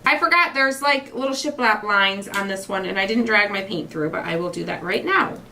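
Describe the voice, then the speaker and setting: A woman's voice: mid-range voice, a little fast, pushed and bright, a little hiss or hum. A woman in her forties hosting a craft show, chatting casually and gushing with emotion. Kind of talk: casual livestream chat while crafting.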